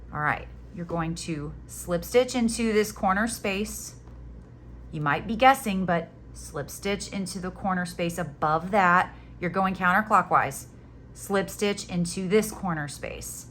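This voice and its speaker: Brief: woman, lower voice, light Southern US accent, relaxed crochet tutorial, chatty asides, faint room noise. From Florida Panhandle, US. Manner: chatty, joking asides, guides step by step. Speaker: crochet instructor.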